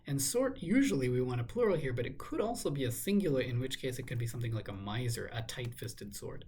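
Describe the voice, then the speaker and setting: A man thinking aloud in a measured, musing way as he works through a crossword, now and then correcting himself. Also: medium pitch, animated, darkish tone, a little hiss or hum. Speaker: crossword solver. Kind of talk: thinking aloud while solving a puzzle.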